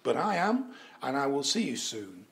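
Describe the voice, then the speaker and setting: A man's voice: on the high side, very animated, normal speed, vocal fry, a bit bright. A man hosting his own show, giving casual, rambling commentary on the news with lots of fillers and some swearing. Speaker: show host.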